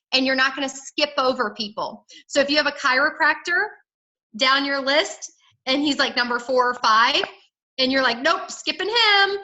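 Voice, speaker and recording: Upbeat woman, sales team leader, high and bright, direct coaching over a video call. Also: lo-fi sound. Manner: upbeat, direct, peppy sales pep talk.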